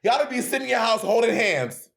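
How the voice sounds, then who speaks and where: A man's voice: very high voice, big pitch swings, fast, vocal fry, fairly bright tone. A man co-hosting a podcast, teasing his friend in sassy casual banter. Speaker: podcast co-host. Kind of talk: casual chat.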